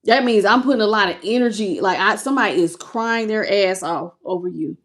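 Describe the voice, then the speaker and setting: A woman's voice: mid-range voice, brisk. Slangy, emotional woman tarot reader. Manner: emotional, slangy, talks straight to viewers. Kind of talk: casual tarot reading to camera.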